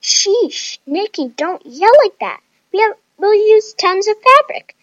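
A woman doing a shrill, panicky girl. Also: animated, takes it slowly, fairly bright tone, dry recording, muffled recording, heavily acted. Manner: shrill and whiny. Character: panicky, dramatic young woman designer.

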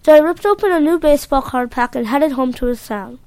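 A woman's voice: high-pitched, brisk, darkish tone, no echo. A woman reading a story aloud in a plain, earnest way.

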